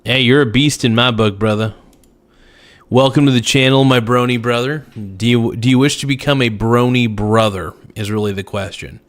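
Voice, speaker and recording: A man's voice: medium pitch, fairly even intonation. A man hosting a casual livestream, reading out viewer comments and joking back with sudden outbursts. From United States. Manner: joking, riffing, slow drawl with sudden outbursts. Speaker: livestream host.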